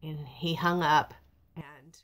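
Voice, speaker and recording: A middle-aged woman talks casually to her camera, her voice sitting low. She tells a family story in a chatty, rambling way, acting out what others said. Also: expressive, unhurried. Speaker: vlogger. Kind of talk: casual personal vlog. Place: truck stop, outdoors.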